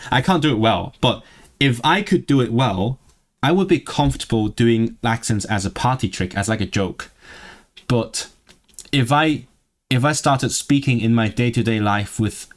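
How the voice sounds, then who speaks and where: Male streamer, mid-pitched, faintly posh southern British accent, rambling and self-interrupting. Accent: vaguely southern British. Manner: chatty, stumbling restarts, frequent laughs. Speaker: language-learning streamer. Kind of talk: casual livestream chat. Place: lives in northwest England.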